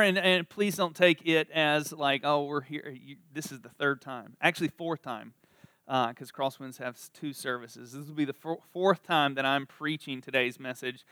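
A man's voice: a little high, fairly bright tone, clean tone, no room sound. A man preaching a sermon at a church service in a conversational, emphatic way, drawing out the words he wants to stress.

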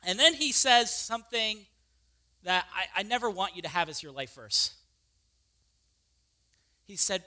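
A preacher delivers an animated sermon in a chatty, down-to-earth way, tossing in casual asides. The voice is very bright and cutting. The pitch rises and falls in a lively way. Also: a little slow, pauses often.

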